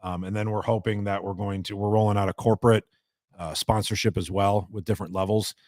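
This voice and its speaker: A man's voice: fairly low pitch, level tone, a little fast, darkish tone, no echo, studio quality. A man hosting a live show, chatting casually, crude and joking, swearing freely. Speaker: podcast host.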